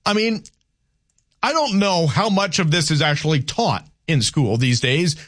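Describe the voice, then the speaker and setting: A man's voice: fairly high pitch, animated, unhurried, a bit bright. A man hosting a talk radio show, giving opinions in a loose conversational monologue and reading listener texts aloud.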